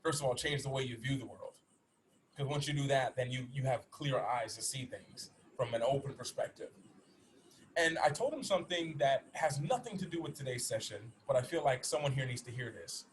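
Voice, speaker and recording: A man in his thirties speaks quickly and earnestly, sharing a personal story with a group he is coaching. His pitch sits in an ordinary middle range, and he often restarts his sentences. A faint room ambience sits behind his voice. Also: lively intonation, slight background noise, low-quality recording. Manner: earnest, rapid, with many restarts. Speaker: motivational speaker and former athlete. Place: in Bali.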